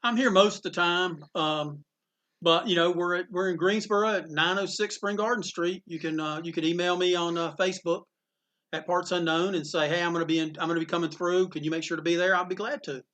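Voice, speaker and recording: A middle-aged man from North Carolina spins comic-convention anecdotes in a casual interview. His voice sits high and bright. He slips into the people he quotes as he talks. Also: a little fast. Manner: animated anecdotes with acted-out quotes. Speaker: comic shop owner. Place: inside his comic shop.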